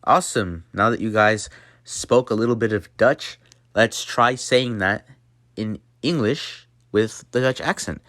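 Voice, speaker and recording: A man's voice: on the low side, measured pace, a bit bright, dry recording. Playful male tutorial host, joking with viewers as a class, dry close sound. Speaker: channel host teaching a mock language lesson. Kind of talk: jokey tutorial narration.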